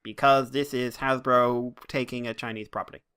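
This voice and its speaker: An Irish man co-hosting a casual podcast speaks at a moderate pace in a medium-pitched, fairly bright, clean voice with fairly even intonation. He rambles and rants, swearing freely as he goes.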